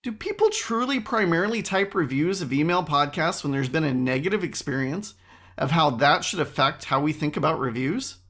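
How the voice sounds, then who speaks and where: A man's voice: a little high, animated, moderate pace, a bit bright. A man hosting a solo podcast, chatting in a wry, rambling way with frequent asides. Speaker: podcast host.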